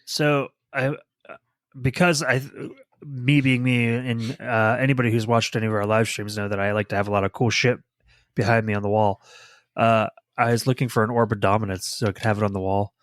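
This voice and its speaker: A man's voice: fairly low pitch, flat delivery, a little fast, no echo, studio quality. A man co-hosting a podcast in casual chat, easygoing and profane, often giving short reactions. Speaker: podcast co-host.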